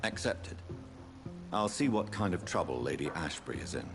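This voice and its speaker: An actor playing a brooding young vampire doctor who speaks in a measured, solemn, formal way. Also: male voice, sits low, expressive. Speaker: game character. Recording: game audio with music behind.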